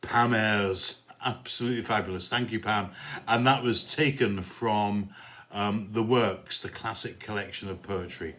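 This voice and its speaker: A man's voice: fairly low pitch, moderate pace. A man hosting his own podcast, chatting casually with rambling asides and self-mocking dry jokes, and reading out a comic poem. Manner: relaxed, meandering delivery with many fillers. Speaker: podcast host. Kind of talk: casual solo podcast chat and poetry reading.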